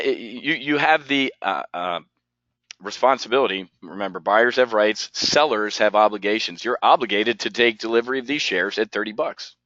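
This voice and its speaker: Guy running a trading webinar, bright punchy voice, dry slightly muffled sound, keeps asking "what?". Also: mid-range voice, no echo. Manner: animated, talks to viewers by name, asks rhetorical questions. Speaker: options trading instructor. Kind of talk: live webinar teaching.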